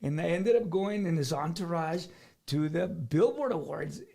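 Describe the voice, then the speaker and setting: High, animated man. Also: normal speed, vocal fry. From South Texas. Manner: animated, laughing, repeats words. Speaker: guest musician. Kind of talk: casual storytelling.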